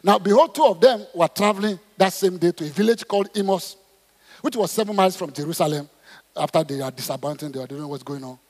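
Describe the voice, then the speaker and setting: A man preaching a sermon, reading scripture and calling on the congregation to respond, swinging between loud exclamations and soft asides. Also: sits high, breathy edge. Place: church auditorium. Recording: long hall reverb in church auditorium.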